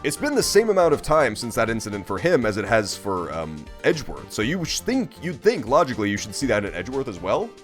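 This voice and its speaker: A swearing young streamer. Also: male voice, medium pitch, huge pitch swings, fast, hardly any pauses. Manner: profane, rambling, amused. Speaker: streamer playing a game. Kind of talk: casual gameplay commentary. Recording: faint game music behind.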